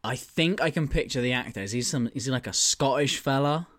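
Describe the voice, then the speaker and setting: A man's voice: mid-range voice, fairly quick, fairly bright tone, dry recording. A man with a mid-range voice bantering on a podcast, recorded close on a dry mic. He puzzles things out aloud, swears freely and breaks into laughs. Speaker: podcast co-host and quiz contestant.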